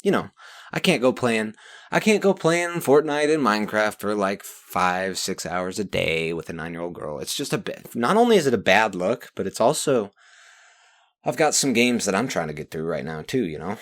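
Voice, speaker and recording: A man's voice: fairly low pitch, very animated, moderate pace. A young man recapping his week from a journal in a rambling, profane monologue that swings into rants. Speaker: vlogger reading his journal.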